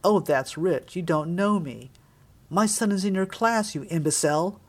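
Woman reader doing a loud, menacing, blustering middle-aged bully. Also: lowish voice, moderate pace, husky. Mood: angry. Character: angry balding middle-aged man, bullying.

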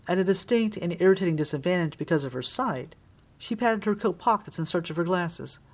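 A woman's voice: on the low side, expressive, a little fast. Woman narrating an audiobook. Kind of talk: scripted narration.

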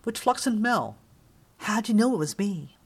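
A woman's voice: medium pitch, expressive, a little slow, slightly rough, pitched above the performer's own voice. A woman voicing a tall, sardonic Southern academic woman with a dry way of talking, in an audiobook reading. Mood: wry.

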